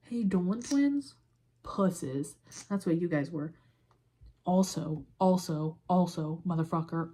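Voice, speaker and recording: A young woman hosts a casual podcast in a heated, swear-laden rant, exasperated and fired up as she does her makeup. Her voice is dark and mellow, and it is recorded on a phone. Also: lowish voice. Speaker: podcast host. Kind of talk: casual ranting commentary.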